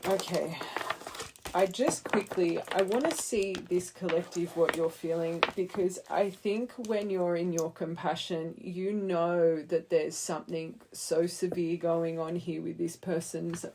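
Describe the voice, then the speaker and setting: A woman's voice: lowish voice, fairly even intonation, measured pace, heavy background noise. A woman giving an earnest, heartfelt tarot reading, speaking straight to the viewer and rambling with fillers. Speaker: tarot reader. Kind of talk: intuitive tarot reading to camera.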